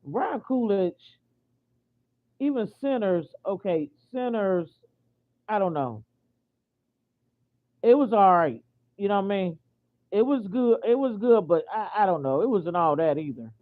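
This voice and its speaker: A woman's voice: medium pitch, animated, unhurried, long pauses. American lady on a rant, keeps restarting and repeating herself, sounds tinny like a phone. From United States. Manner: indignant, repetitive, frequent restarts and fillers. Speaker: vlogger. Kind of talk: casual opinion rant.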